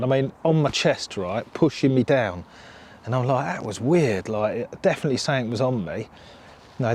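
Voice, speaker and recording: A man, a carp angler, telling a ghost story in a casual, lively way and acting out the voices of the people he quotes. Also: medium pitch. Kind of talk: casual anecdote. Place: outdoors by a lake.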